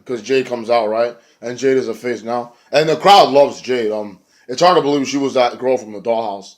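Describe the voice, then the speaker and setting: Brief: a man recapping wrestling, loose and rambling, swears a lot, jumps into quick impressions. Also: medium pitch. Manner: rambling and profane, acts out quotes. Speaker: wrestling show reviewer. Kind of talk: casual recap rant.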